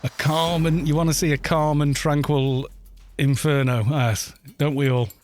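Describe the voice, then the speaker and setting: A man's voice: a little high, fairly even intonation, a little slow, a little mellow, soft background music. A man from Wales chatting casually on a gaming live stream, rambling, laughing often and swearing at the game.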